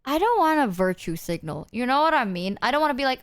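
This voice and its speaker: A woman's voice: sits high, sing-song, fast talker, clear, resonant tone. A young woman streamer chatting casually with her viewers, rambling and self-deprecating, swearing freely and acting out people she quotes. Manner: quotes people in exaggerated put-on voices.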